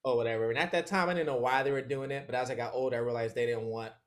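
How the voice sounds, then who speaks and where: Animated man telling a story, laughing. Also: medium pitch. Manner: acts out other people's lines in quick voices. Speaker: interview guest. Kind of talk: casual storytelling.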